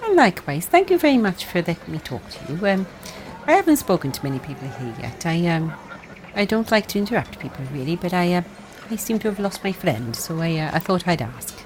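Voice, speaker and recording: A woman's voice: fairly low pitch, big pitch swings, brisk, soft background music. Woman playing a chatty, eager adventurer. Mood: friendly. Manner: eager, rambling, hesitant with many fillers. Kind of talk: playing a character in a tabletop game.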